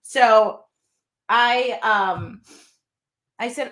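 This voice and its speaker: Bright-voiced chatty woman in her fifties. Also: medium pitch, expressive, normal speed. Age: 50s. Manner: chatty and rambling, heartfelt. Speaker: host. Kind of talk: casual chat storytelling.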